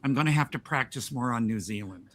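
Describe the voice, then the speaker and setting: A man's voice: mid-range voice, fast talker, fairly bright tone. An older man from the United States hosting a podcast, chatting casually, rambling and restarting his sentences with frequent laughs. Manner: rambling, self-interrupting, laughs often. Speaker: podcast host. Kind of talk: casual chat.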